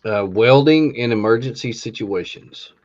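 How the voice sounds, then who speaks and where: Speaking a little slowly in a mid-range, darkish voice, a man co-hosting a podcast runs through a list of classes, dropping plenty of ums and uhs along the way. The lo-fi audio comes across dull.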